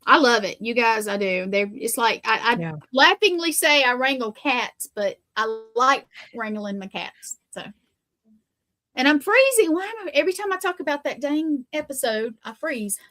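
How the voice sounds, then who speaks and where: A woman chatting casually on a podcast as a guest, talking in quick bursts and often trailing off mid-sentence. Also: on the high side, animated, sharp tone. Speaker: guest psychic medium.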